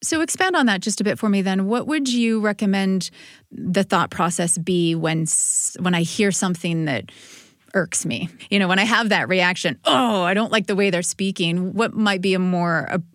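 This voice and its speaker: A woman's voice: medium pitch, moderate pace, a bit bright, no echo, studio quality. A woman hosting a podcast, asking thoughtful conversational questions. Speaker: podcast host. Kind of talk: interview questions.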